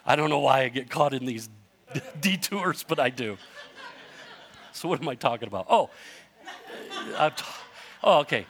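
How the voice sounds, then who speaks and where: An older man preaching a sermon, telling stories in a conversational way with restarts and building to emphatic, animated runs. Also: mid-range voice, moderate pace, pauses often. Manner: conversational storytelling with self-interruptions. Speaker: pastor.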